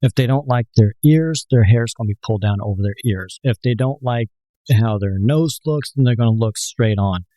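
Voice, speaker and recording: A man co-hosting a dating advice show as a dating coach, explaining things calmly and telling personal stories. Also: medium pitch, normal speed, dry recording, poor audio. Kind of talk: casual chat.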